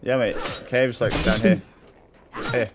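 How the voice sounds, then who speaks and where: A man's voice: mid-range voice, fairly even intonation, takes it slowly, heavy background noise. A man chatting with friends during an online game, blunt and teasing, swearing freely. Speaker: gamer chatting on voice call. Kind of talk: casual chat.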